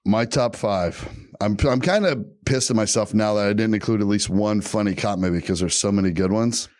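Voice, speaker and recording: A man's voice: fairly low pitch, a little fast, darkish tone, no room sound, studio quality. A man co-hosting a comedy podcast, talking in a wry, laid-back way with casual swearing.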